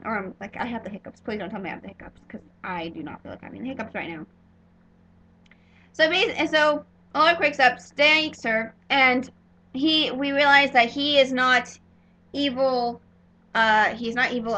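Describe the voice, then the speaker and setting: A woman's voice: fairly high pitch, pushed and bright, low-quality recording. A young woman giving a casual spoiler review of a TV episode, rambling and gushing with lots of filler words and restarts.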